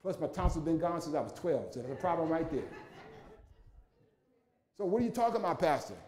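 A male pastor delivering a sermon with a warm, mellow tone and a slightly higher-than-average pitch. He preaches in rhythmic, repeating phrases and drops humorous asides along the way. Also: very animated, fairly quick.

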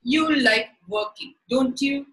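Woman reading clever young boy, storybook, sly, coaxing, high, unhurried. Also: fairly bright tone, roomy sound, low-quality recording.

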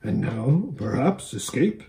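A man voicing a gentle, timid talking mare who speaks in a meek, plaintive way. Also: medium pitch, big pitch swings, slow pace, reverberant. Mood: earnest.

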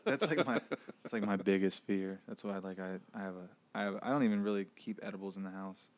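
A man's voice: sits low, fast talker. A man hosting a casual podcast chat, easygoing and laid back, cursing now and then. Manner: relaxed, easygoing, laughs along, cursing. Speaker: podcast host.

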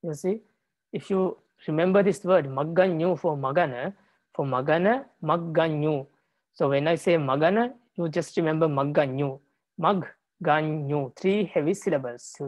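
A man who is a Buddhist monk teaching a language class, patient and repetitive, pausing often with hesitations. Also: a little high, darkish tone, no room sound. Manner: patient, repeats words, many hesitations.

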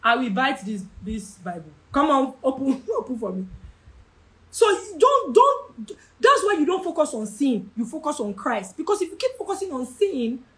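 A young woman with a Nigerian English accent teaches a Bible study, her voice high and bright. She swings all over her range, stacking repeated phrases and raising her voice to drive each point home. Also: big pitch swings, a little fast, few pauses. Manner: passionate, repeats phrases, shouts for emphasis.

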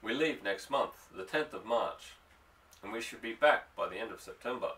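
A man's voice: lowish voice, lively intonation, normal speed, pushed and bright, far from the mic, poor audio. A male reader voicing an earnest young fisherman, coaxing and affectionate as he pleads.

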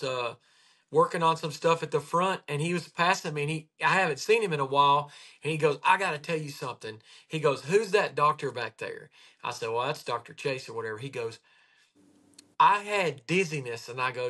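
Bright-voiced, animated male host. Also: a little high, brisk. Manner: animated storyteller, acts out patients' words. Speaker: podcast host, chiropractor. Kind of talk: casual chat.

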